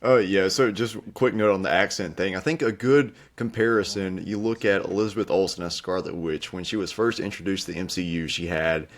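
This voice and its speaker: Young man, very low voice, casual film review chat, lots of ums. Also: fairly quick, few pauses. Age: young adult. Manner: hesitant, many fillers. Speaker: film critic co-host.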